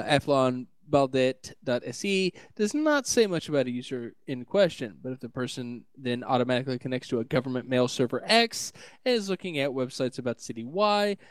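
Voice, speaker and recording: A man's voice: medium pitch, dry recording. Dry-voiced man reading tech news. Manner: reads articles aloud with stumbles and laughs. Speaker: podcast co-host reading news. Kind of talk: casual tech news chat.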